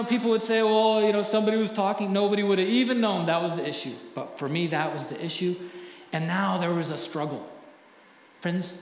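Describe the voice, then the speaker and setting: A middle-aged male pastor preaching a sermon earnestly, often dropping to a hushed voice when telling stories. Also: high-pitched, slight background noise. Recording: echoey hall with faint ambience.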